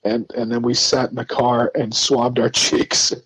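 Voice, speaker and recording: This guest is a middle-aged man from New Jersey whose mid-range voice carries a breathy edge and moves a little slowly. Telling his story casually, he gets animated and performs the quoted dialogue, restarting often. There's no room sound, and the recording quality is low.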